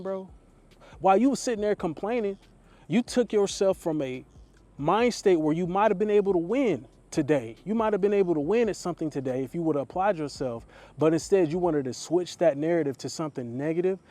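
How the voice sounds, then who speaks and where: A man's voice: sits high, warm tone. A young man, a dating coach, giving a blunt, slangy motivational talk straight to camera.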